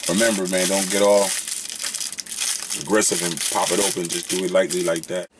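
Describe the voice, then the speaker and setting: A young man casually reviewing snacks in a vlog, excitable and slangy, breaking into loud whoops. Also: deep voice, normal speed, background noise.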